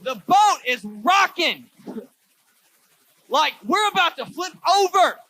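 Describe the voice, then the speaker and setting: A man voicing panicked disciples in a storm, shouting frantically over the wind. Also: very high voice, very animated, slow pace, dry recording, pitched above the performer's own voice, full character voice, poor audio.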